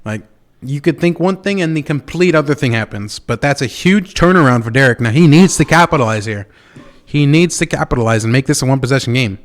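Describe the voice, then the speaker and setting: A man casting a video game football match, calling plays in a relaxed, chatty way with bursts of excitement. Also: medium pitch. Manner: casual, chatty calls with quick bursts of excitement. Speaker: esports caster. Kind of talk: play-by-play commentary.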